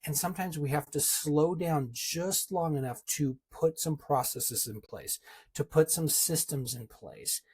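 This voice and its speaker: Husky, emphatic man coaching. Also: a little high, a little slow, a little mellow. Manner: emphatic and punchy, hammering repeated phrases; addresses listeners directly as a team. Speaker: business coach. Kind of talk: motivational talk.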